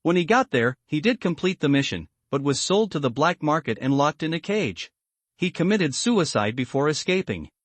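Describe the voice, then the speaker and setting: A man reading a translated comic story aloud as a recap narrator, in a steady, even manner. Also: a little high, moderate pace, dry recording.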